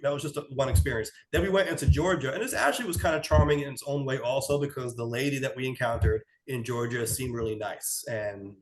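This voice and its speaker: A man's voice: mid-range voice, low-quality recording. A man with a New York accent, co-hosting a podcast and casually telling a road trip story with frequent laughs. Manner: relaxed, anecdotal, laughs often. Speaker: podcast co-host.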